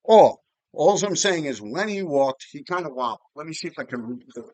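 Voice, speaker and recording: Rambling fifty-something New storyteller. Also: male voice, on the high side, expressive, a little fast, darkish tone, no room sound. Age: 50s. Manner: rambling and profane, with frequent restarts and asides. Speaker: vlogger storyteller. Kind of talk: casual storytelling.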